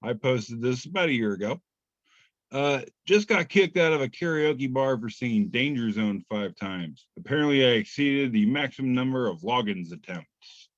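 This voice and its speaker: A man co-hosting a casual podcast, telling jokes with halting fillers. His voice sits at a middle pitch and sounds a bit dull and lo-fi, recorded close and dry. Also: expressive, dry recording. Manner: hesitant, filler-heavy joking. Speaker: podcast co-host. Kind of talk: casual chat.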